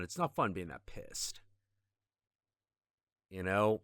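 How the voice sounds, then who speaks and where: Male streamer, frustrated and profane, unhurried delivery, dry close sound. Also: low voice, big pitch swings, pushed and bright, dry recording. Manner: trails off into mutters and repetitions. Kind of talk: casual gaming stream chat.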